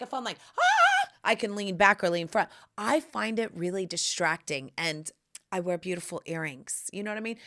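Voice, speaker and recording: A woman hosts her solo podcast with a sassy, theatrical delivery. Her pitch leaps all over the place as she jumps from loud bursts down to breathy whispers. She calls her listeners honey. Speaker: podcast host. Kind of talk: casual solo podcast chat.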